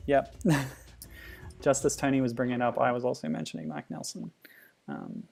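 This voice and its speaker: A man streaming a game, chatting in a relaxed, amused way and answering chat comments. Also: mid-range voice, normal speed, creaky, faint music behind. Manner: chatty, amused, laughs often, reacts to the game. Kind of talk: casual gameplay commentary.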